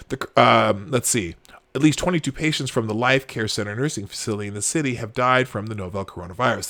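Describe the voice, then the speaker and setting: A man hosting a livestream, reading posts aloud and reacting with exasperated, sarcastic commentary. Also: medium pitch. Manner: exasperated, sarcastic, swings between shouting and muttering. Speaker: livestream host.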